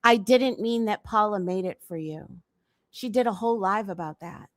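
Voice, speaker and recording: A woman's voice: mid-range voice, normal speed, no room sound, studio quality. A woman hosting a casual commentary livestream, talking bluntly and repeating her points for emphasis.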